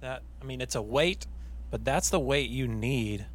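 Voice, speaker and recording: A man hosting a conversation who reflects aloud on what his guest says, thinking through his words with halting restarts. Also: mid-range voice. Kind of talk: casual interview chat.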